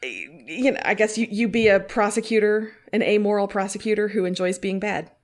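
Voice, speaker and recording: Chatty, animated woman reviewing TV. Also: mid-range voice, normal speed. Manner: animated, chatty, frequent restarts and laughs. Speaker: podcast co-host. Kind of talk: casual TV review chat.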